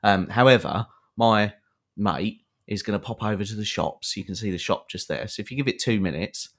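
Man, lowish voice, rambling comic anecdote, podcast host. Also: moderate pace. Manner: animated anecdote with many fillers and acted quotes. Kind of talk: storytelling to a co-host.

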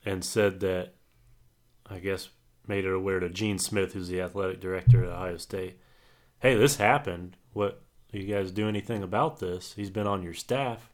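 A low-voiced man talking sports on a casual podcast. He rambles, hedges and stops to fill gaps with ums as he works through the story. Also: steady tone, moderate pace. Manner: rambling, hesitant with many fillers. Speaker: podcast co-host.

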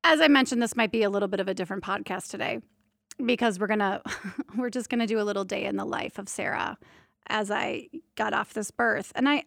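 A woman, hosting a casual solo podcast, chatty and candid with quick restarts. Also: medium pitch, gravelly, a bit bright, no echo, studio quality. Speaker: podcast host and birth doula.

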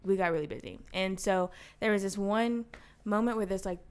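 A woman's voice: mid-range voice, normal speed, smooth. Young woman, co-host, chatty storyteller who laughs often. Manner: storytelling, laughs often, lively quoted voices. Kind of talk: casual chat.

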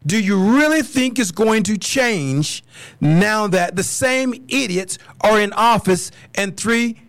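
A fired-up American man with a fairly high voice rants on his podcast, blunt and cursing, hammering the same words over and over. The sound is dry and close, with no room around it. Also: expressive, takes it slowly, a bit bright, dry recording. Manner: angry, blunt, swearing, repeats himself. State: furious. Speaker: podcast host. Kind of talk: solo political podcast rant.

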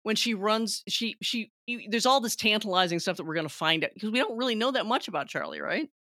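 A woman co-hosting a film podcast, talking in an animated way with lots of restarts and quoted lines. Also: mid-range voice, fast, dry recording, studio quality. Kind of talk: casual chat.

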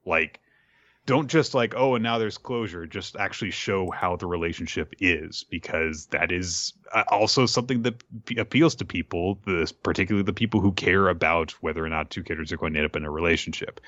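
A man's voice: low-pitched, a little fast, fairly bright tone, no echo, dull audio. A man co-hosting a podcast, rambling casually with fillers and frequent laughs. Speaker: podcast co-host.

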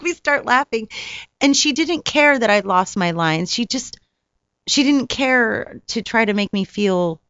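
A woman, an actress, telling stories from set in a casual interview, animated and laughing often. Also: medium pitch, clear, resonant tone, no echo, highs cut off. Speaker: actress, guest. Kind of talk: casual storytelling.

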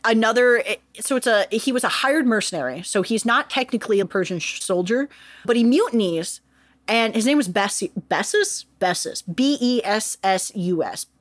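A young woman hosts a podcast and tells history as a comedy story, swearing freely and slipping into voices for the people in it. Her pitch swings widely as she talks. The recording is dry, with no room sound. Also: normal speed, no room sound. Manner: profane, animated, breaks into quoted voices. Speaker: podcast host.

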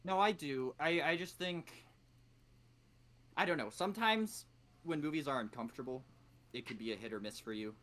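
A man's voice: fairly high pitch, animated, normal speed, pauses often, a bit bright, a little hiss or hum. A man talking on a video call with bad internet, hesitant and stammering. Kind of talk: casual chat. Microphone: video call from a house with bad internet.

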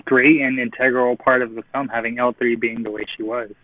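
A man co-hosting a casual movie podcast, enthusiastic, listing things with pauses. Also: mid-range voice, flat delivery, no room sound. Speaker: podcast co-host. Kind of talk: casual chat. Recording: tinny phone-like line.

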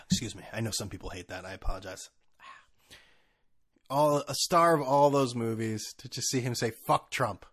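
A man's voice: mid-range voice, normal speed, fairly bright tone. A man hosting a podcast, ranting sarcastically with profanity, stammering restarts and laughs at his own jokes. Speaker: podcast host. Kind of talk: casual ranting monologue.

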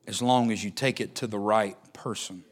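A man preaching a sermon as pastor, swinging between loud emphatic lines and hushed ones. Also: lowish voice, steady tone, moderate pace.

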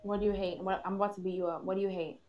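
A woman's voice: mid-range voice, level tone, racing, muffled recording. A woman hosting a casual podcast from home, chatty and laughing, chatting while she eats. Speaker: podcast host.

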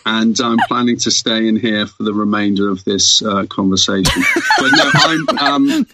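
A man's voice: on the low side, normal speed, very noisy. A young British man talking as a podcast guest, with dry, self-deprecating humour, recording from inside a wardrobe. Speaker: podcast guest, course writer. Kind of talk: casual chat, remote guest.

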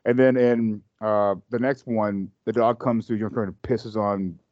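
A man's voice: on the low side, fairly even intonation, normal speed, no room sound. A man in casual chat about a movie, rambling with lots of fillers and swearing. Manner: rambling, profane, many fillers. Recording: dull lo-fi sound.

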